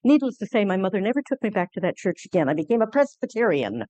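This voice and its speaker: An earnest woman lecturer recounts a personal experience to a conference audience. She speaks at an average pitch, often halting and restarting her sentences. The sound is dry and close. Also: very animated, mellow, dry recording.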